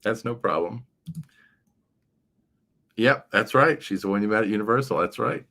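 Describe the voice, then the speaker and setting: A man's voice: lowish voice, expressive, normal speed, vocal fry, pushed and bright. A man hosting a casual livestream chat, rambling along with frequent fillers. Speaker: livestream show host.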